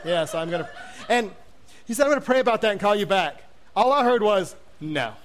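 A man, a youth pastor, telling a humorous story from the pulpit, animated and self-mocking, acting out the voices of people he quotes. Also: high-pitched, fairly quick.

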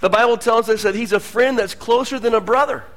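A man preaching a sermon as pastor, moving between hushed asides and loud, emphatic lines. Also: very high voice, brisk.

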